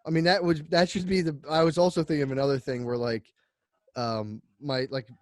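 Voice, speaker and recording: A man's voice: a little high, little pitch movement, fairly quick, no echo, clean studio sound. A man co-hosting a casual comedy podcast, rambling through an invented story and acting out little scenes with frequent laughter. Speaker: podcast co-host.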